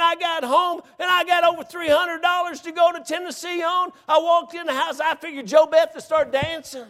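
A middle-aged man preaching a sermon as a folksy story, repeating words and building up to shouts. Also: very high voice. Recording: long hall reverb.

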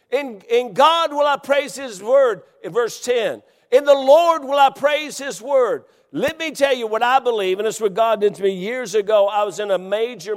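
A middle-aged man preaching a sermon in a church, fervently repeating lines and rising to shouts. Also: high-pitched. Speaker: pastor. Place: church sanctuary. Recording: long hall reverb.

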